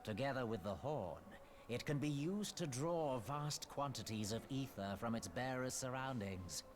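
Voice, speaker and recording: An actor playing a cold, haughty male villain in a video game, speaking in a measured, scornful way. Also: medium pitch, lively intonation, slight background noise, close to an everyday voice. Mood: lecturing. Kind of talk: game voice acting.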